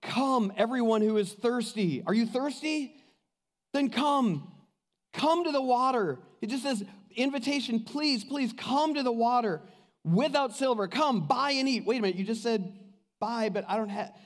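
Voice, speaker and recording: A man preaching with a high voice, pleading and urgent one moment and dropping to a near hush the next. His sermon rings out with the long reverb of a large hall. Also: lively intonation, normal speed. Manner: impassioned preaching, swings from loud to hushed. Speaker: pastor.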